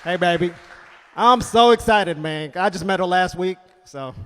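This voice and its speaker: High-voiced man doing stand-up on a reverberant stage. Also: normal speed, some chatter behind. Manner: animated, punchy delivery with silly acted-out voices. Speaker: stand-up comedian. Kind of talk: stand-up set. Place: comedy club stage.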